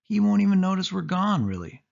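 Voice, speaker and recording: A man's voice: mid-range voice, sing-song, normal speed, slightly rough. A man voicing a bossy, teasing young girl cousin in a pushy, sing-song way in a storybook reading. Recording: dull lo-fi audio.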